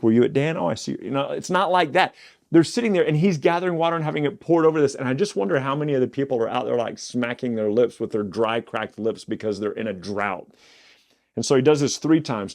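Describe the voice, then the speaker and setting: A man's voice: mid-range voice, darkish tone. A man teaching through a Bible passage, reading verses aloud and then retelling them in loose, conversational paraphrase. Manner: reads scripture aloud, then retells it in chatty modern paraphrase.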